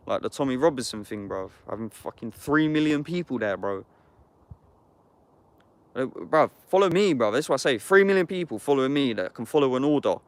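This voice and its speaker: A man talking in a heated, casual livestream chat. He is blunt and sweary and speaks in an ordinary mid-range voice. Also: medium pitch. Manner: blunt, heated and sweary, saying "bruv" constantly.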